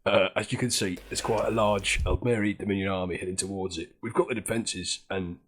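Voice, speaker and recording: A man's voice: low voice, fairly even intonation, brisk, a little hiss or hum. A man running a tabletop game as game master, casual and giggly.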